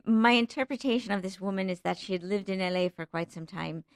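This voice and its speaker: A woman's voice: mid-range voice, fast talker, no echo, studio quality. A woman actress chatting as a guest on a podcast, talking loosely with frequent ums and self-restarts. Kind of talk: casual podcast chat.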